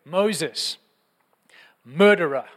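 A young man preaching a sermon, telling stories in a lively, conversational, fervent way. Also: sits high, drawn-out words. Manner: animated storytelling, conversational and fervent. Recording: long hall reverb.

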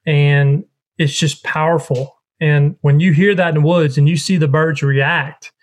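A man's voice: on the high side, steady tone, measured pace. A man explaining duck-calling practice step by step in a casual chat, repeating his points. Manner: explains step by step, repetitive phrasing.

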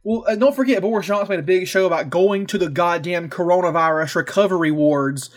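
A man's voice: high voice, a little fast. A man co-hosting a podcast, talking in brash, teasing banter and swearing freely. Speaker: podcast co-host. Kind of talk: casual profane banter.

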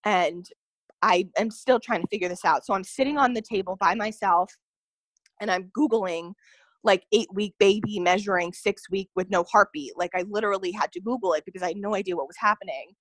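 Speaking fairly quickly in a medium-pitched, slightly bright voice, this young adult woman earnestly recounts something from her own life as a guest on a podcast. She leans heavily on fillers like "like" and "you know," and the recording is dry.

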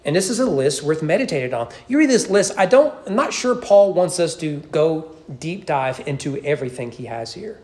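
A man preaching an evening sermon in church, emphatic, with frequent restarts and high peaks on key points. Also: sing-song, normal speed, few pauses, a little mellow. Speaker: pastor. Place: church sanctuary.

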